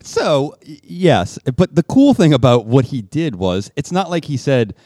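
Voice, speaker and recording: A man co-hosting a podcast, teasing his friend with dry quips and quick questions. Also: fairly high pitch, very animated, mellow, no echo. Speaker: podcast co-host. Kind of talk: casual chat.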